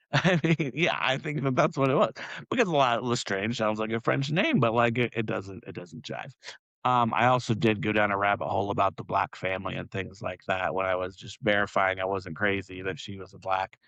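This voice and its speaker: A man's voice: fairly low pitch, brisk, gravelly, fairly bright tone, dry recording, lo-fi sound. A man co-hosting a podcast, chatting casually and rambling with many fillers and laughs. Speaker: podcast co-host. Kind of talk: casual chat.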